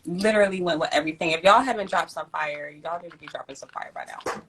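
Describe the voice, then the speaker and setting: A young woman hosting a live community stream, chatting casually with slang, reading messages aloud and giving heartfelt shout outs. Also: on the low side, fast talker, breathy edge, low-quality recording. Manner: warm, effusive, uses slang and swears, reads chat aloud. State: near tears at times. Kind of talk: casual livestream chat.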